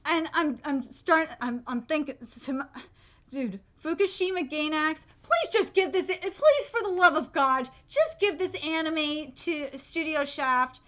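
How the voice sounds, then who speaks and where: A woman's voice: sits high, measured pace, a bit bright. A woman streamer ranting through a live anime reaction, exasperated and profane, with frequent fillers and restarts.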